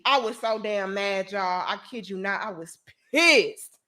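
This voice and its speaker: A woman telling a personal story to her viewers in casual chat, animated and profane, talking straight to the audience. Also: medium pitch, unhurried. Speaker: vlogger.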